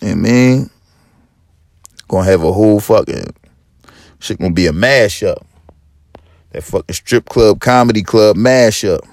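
A man hosting a podcast, telling a profane comedic monologue with lively storytelling, acting out other people and rising to yelling. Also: fairly low pitch, a little slow, creaky, pauses often, dry recording, studio quality. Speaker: podcast host.

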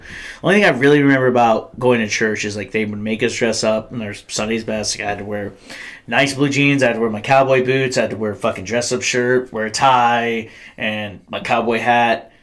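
A man's voice: medium pitch, a bit bright, a little hiss or hum. A young adult man, a podcast host telling blunt, profanity-laced stories in casual chat.

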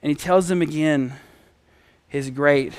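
A man's voice: on the high side, measured pace, clean tone, no echo. A man preaching a sermon in a conversational storytelling manner. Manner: conversational storytelling with acted quotes.

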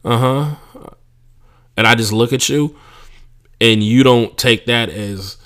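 A man's voice: medium pitch, a little slow. A young adult man hosting a podcast, telling comedy stories in a casual, profane way and mocking people he imitates. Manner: profane, animated storytelling with mocking impressions. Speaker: podcast host, stand-up comedian. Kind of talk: casual monologue.

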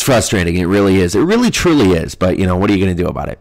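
A man's voice: low voice, very animated, rapid-fire, darkish tone. Nasal, stuffy man ranting. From US Midwest. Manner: crude, ranting, profane. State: stuffy nose from allergies. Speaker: podcast host. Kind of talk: casual solo podcast monologue.

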